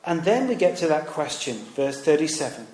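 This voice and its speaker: A man's voice: fairly high pitch, sing-song, a little fast, darkish tone. A man, a preacher and former teacher, giving a conversational sermon with rhetorical questions and stories. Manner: conversational, rhetorical questions, acts out quoted voices. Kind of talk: sermon with storytelling. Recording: echoey room.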